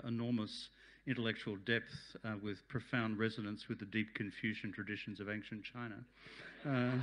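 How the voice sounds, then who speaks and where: Jokey Australian man giving a speech. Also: on the low side. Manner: chatty, jokey, warm-hearted. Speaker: guest speaker. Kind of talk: speech at a community event. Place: function hall.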